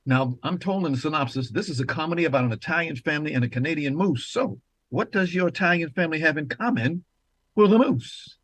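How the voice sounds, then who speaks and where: A man's voice: a little high, lively intonation, fast talker, fairly bright tone, no room sound. A man hosting an interview show, effusive and repeating his praise. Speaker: talk show host.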